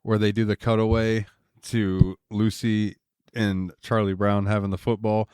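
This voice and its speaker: A man's voice: fairly low pitch, unhurried, clear, resonant tone, no room sound, clean studio sound. A man co-hosting a podcast, telling stories animatedly in casual chat. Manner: animated storytelling with laughs and voices. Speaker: podcast co-host.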